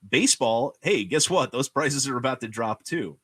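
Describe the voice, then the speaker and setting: A man hosting a podcast, talking in an animated, ranting way and leaning on "you know" and "guess what". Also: medium pitch, normal speed, breathy edge, no echo. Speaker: podcast host. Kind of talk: casual chat.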